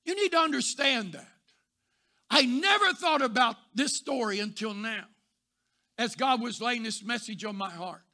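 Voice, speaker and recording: A man preaching a sermon, telling stories and rising to shouts before dropping soft. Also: very high voice, lively intonation, moderate pace. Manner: builds to shouting, then drops soft. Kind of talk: sermon with storytelling.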